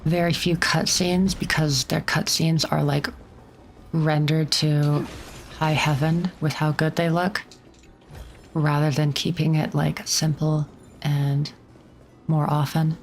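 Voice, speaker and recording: Low-voiced chatty woman streamer. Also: level tone, slow, a little hiss or hum. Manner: chatty and rambling, full of likes. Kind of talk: casual game commentary.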